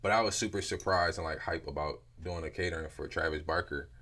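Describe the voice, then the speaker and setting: A young man from Philadelphia, a business owner, telling stories as an interview guest in a loose, animated way, acting out quotes and swearing freely. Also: deep voice, fast talker. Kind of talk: casual storytelling interview.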